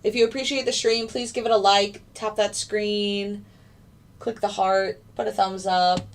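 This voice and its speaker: A woman's voice: mid-range voice, little pitch movement, a little slow, distant mic. A young woman hosting a casual trading livestream, chatting loosely with many fillers as she answers viewer questions. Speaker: livestream host, futures day trader.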